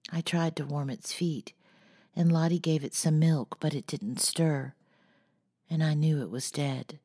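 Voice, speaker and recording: A woman voicing a gentle, shy teenage girl who speaks softly and mildly, in an audiobook. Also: low voice, steady tone, unhurried, slightly rough. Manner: soft, quiet and mild.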